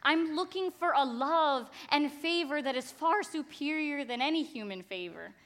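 A woman's voice: high voice, expressive, moderate pace, a bit bright, voice pushed up. A woman voicing a weary grieving wife who emphatically refuses to argue. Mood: exasperated. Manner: emphatic, exasperated.

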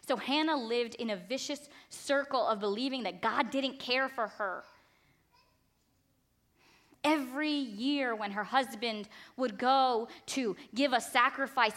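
A woman's voice: on the high side, normal speed, fairly bright tone. A woman preacher giving a passionate sermon, emphatic and fond of repetition.

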